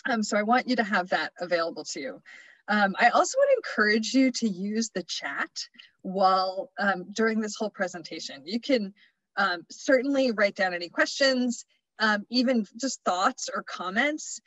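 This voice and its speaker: A woman's voice: medium pitch, expressive, moderate pace, a bit bright, no echo, rough recording. A woman presenting a wellness workshop over a webinar, chatty and loose, with many fillers and restarts.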